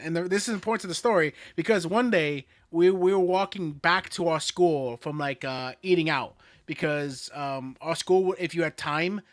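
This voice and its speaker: High-voiced man telling a story. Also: dry recording, studio quality. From Florida, USA. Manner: animated storyteller, swears freely. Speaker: co-host. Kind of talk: casual podcast chat.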